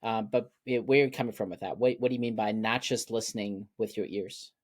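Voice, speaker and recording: A man's voice: lowish voice, fairly even intonation, fast. A man from Germany hosting an interview, asking reflective questions and repeating words as he thinks. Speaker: interview host. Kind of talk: interview conversation.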